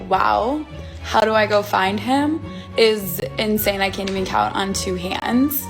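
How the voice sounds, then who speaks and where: A woman talking casually to camera in a chatty, playfully pleading way. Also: mid-range voice.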